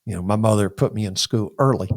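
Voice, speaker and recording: Older pastor, gravelly voice, vivid storyteller who voices the other people, dry close mic. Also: male voice, lowish voice, fast talker, dry recording. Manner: animated storyteller who acts out dialogue. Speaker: pastor and podcast guest. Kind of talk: personal storytelling in an interview.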